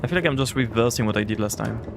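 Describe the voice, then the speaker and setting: A gravelly, medium-pitched man races through a live game stream with music playing behind him. His talk wanders and is thick with "like," and he responds aloud to messages from his chat.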